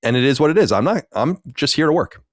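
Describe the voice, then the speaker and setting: A man's voice: a little high, lively intonation, quick pace, no echo, studio quality. A man co-hosting a video game podcast, talking in emphatic repeated lists. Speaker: podcast co-host. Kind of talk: casual chat.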